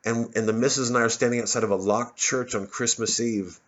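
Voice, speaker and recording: A man with a steady, mid-range, fairly bright voice, talking a little fast, angrily rants into his phone, propped on a bottle, while smoking outside. The casual tirade is profane and full of stammered repetitions, and the sound is lo-fi.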